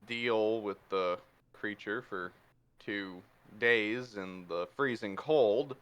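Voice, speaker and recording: A man voicing a calm, pragmatic male adventurer who thinks aloud slowly and hesitantly. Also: fairly low pitch, smooth, voice pushed down. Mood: pondering. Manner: slow, hesitant, thoughtful.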